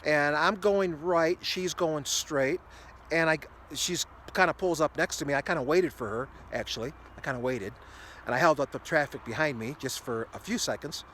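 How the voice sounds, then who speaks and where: A man's voice: fairly high pitch, moderate pace, fairly bright tone, a little hiss or hum. A man in his sixties telling a rambling everyday story to camera, with many fillers and restarts. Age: 60s. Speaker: ministry video host.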